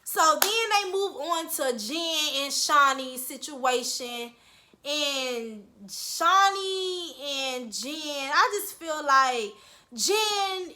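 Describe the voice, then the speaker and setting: High, bright-voiced woman recapping bluntly. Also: expressive, takes it slowly. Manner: blunt, profane, scolding. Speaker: reality TV reviewer. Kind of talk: casual recap commentary.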